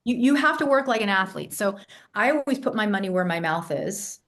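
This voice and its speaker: A woman's voice: medium pitch, expressive, brisk, a bit bright. A woman in her fifties, raised partly in England, now speaking with an American accent, talking confidently as a vocal coach in a podcast interview. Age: 50s. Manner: confident, emphatic, fluent storyteller.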